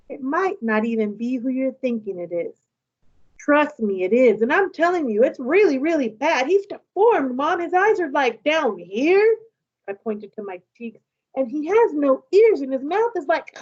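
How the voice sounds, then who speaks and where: A teacher with a fairly high voice reads a children's novel aloud to her class, bringing lively expression to the text and giving each character's lines some life. The recording is slightly muffled.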